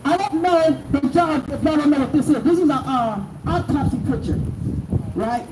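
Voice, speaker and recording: A woman's voice: high-pitched, normal speed, darkish tone. A middle-aged bereaved mother giving a raw, angry speech to a crowd at an outdoor protest. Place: outdoors at a protest by city hall. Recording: distant echoey noisy outdoor recording.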